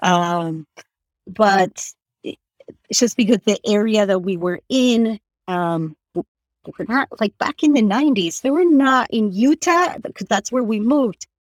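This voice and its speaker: A woman's voice: mid-range voice, animated, no echo. Woman telling her story, dry. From Argentina. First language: Spanish. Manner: earnest, halting, many "like" fillers. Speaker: guest. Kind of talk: personal storytelling in conversation.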